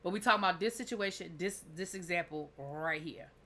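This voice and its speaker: A woman's voice: on the low side, fairly quick, a bit bright. A woman recapping a TV episode in a chatty, sassy way, full of asides. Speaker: TV show reviewer.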